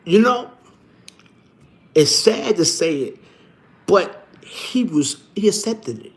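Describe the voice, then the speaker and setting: Animated high-voiced man. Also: slow. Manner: animated, swearing, slangy street talk. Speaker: livestream host. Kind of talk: casual livestream chat.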